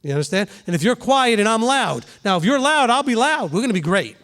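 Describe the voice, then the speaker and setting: Man, middle-aged, high voice, rabbi, conversational sermon, questions to the congregation. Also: sing-song, a bit bright. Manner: conversational preaching, asks the room questions, voices quick examples.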